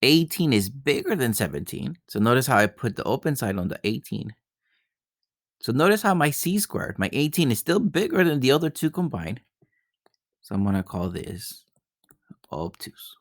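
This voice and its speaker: A man's voice: mid-range voice, big pitch swings, moderate pace, no echo, studio quality. A male math teacher working through geometry problems step by step, often repeating himself and checking in with "right?". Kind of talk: recorded math lesson.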